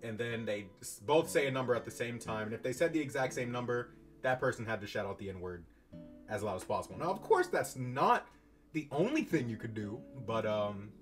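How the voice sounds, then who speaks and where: A young man in college telling a story about his own past in a casual, animated, self-mocking way, swearing freely. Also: mid-range voice, a little fast. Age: young adult. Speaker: YouTuber. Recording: distant mic, faint guitar music behind.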